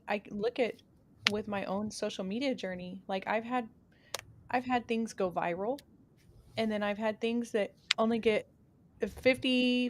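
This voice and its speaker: A woman's voice: medium pitch, a little hiss or hum. A woman hosting a podcast, chatting eagerly and often chiming in with short agreements. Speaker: podcast host. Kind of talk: casual chat.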